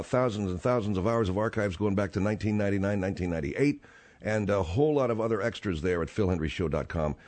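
A middle-aged man hosting a talk radio show, reading promos smoothly and sounding exasperated with his callers. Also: on the low side, darkish tone.

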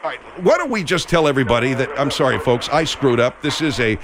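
A man's voice: medium pitch, big pitch swings, fast, noisy background. A man hosting a comedic radio talk show in a studio, dry and mock-apologetic.

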